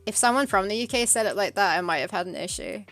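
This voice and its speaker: A woman's voice: mid-range voice, lively intonation, fast, a bit bright, faint music behind. British woman co-hosting a casual stream; rambling, filler-heavy storytelling. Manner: chatty, hesitant storytelling with many fillers. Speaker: streamer co-host. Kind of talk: casual chat.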